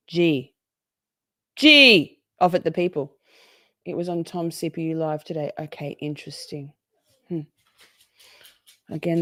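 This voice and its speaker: A woman's voice: on the low side, no echo, clean studio sound. A woman hosting a casual livestream, chatty and sweary, reading out viewer comments between laughs. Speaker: livestream host.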